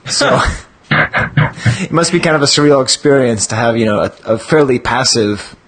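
A man's voice: mid-range voice, expressive, moderate pace, a bit bright, husky. A man co-hosting a collectors' podcast in casual, rambling chat, laughing often. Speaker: podcast co-host.

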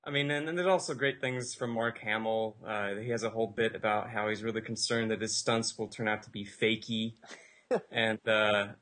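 Bright-voiced chatty man. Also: on the low side, fairly even intonation, normal speed. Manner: chatty, laughs while telling stories. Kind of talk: casual roundtable chat.

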